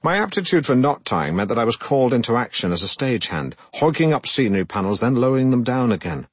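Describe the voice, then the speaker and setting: An actor playing a pompous, self-regarding middle-aged broadcaster who narrates his own memoir in a deadpan way. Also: mid-range voice, fast talker, husky, dry recording. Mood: self-important. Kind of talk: comic audiobook narration.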